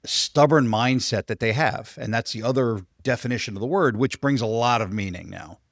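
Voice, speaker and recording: Man, co-host, scripture explanation, steady, dry room sound. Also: mid-range voice, moderate pace, no room sound. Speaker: podcast co-host. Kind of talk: explaining scripture in casual discussion.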